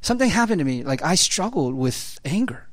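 A man's voice: on the high side, very animated, brisk, no echo. A man preaching a conversational sermon as a pastor, casual and chatty, with lots of fillers and frequent laughter.

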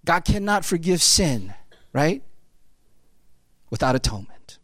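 A man's voice: fairly high pitch, big pitch swings, a little slow, dry recording, clean studio sound. A middle-aged man preaching a sermon in a loose, conversational way, often checking in with "right?". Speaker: pastor.

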